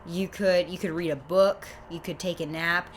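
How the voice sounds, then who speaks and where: A woman's voice: fairly low pitch, steady tone, moderate pace, slight background noise. A young woman co-hosting a comedy podcast, telling silly stories in a playful, rambling way. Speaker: podcast co-host. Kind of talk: casual comedic chat.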